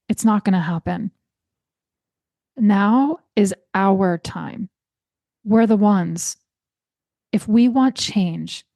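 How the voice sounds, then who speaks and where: A middle-aged woman talks alone into the mic for her podcast, telling a story and working herself up into a passionate call to action. She leans on repetition for emphasis, and her voice sits at an ordinary pitch. The sound is dry and close, with no room around it. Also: creaky, warm tone, dry recording. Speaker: podcast host. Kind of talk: solo podcast monologue.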